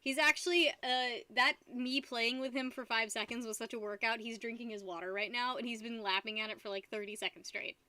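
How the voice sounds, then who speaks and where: A woman's voice: on the high side, fairly even intonation, a little fast, few pauses, sharp tone, no room sound. A young woman hosting a live stream from home, chatting loosely and giggling while she paints. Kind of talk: casual chat while painting.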